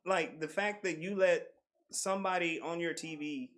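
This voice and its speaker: A man's voice: fairly high pitch, fairly even intonation, moderate pace, a bit bright. A young adult man co-hosting a casual podcast, rambling and full of "like". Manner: rambling, heavy use of "like". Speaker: podcast co-host. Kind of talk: casual group chat.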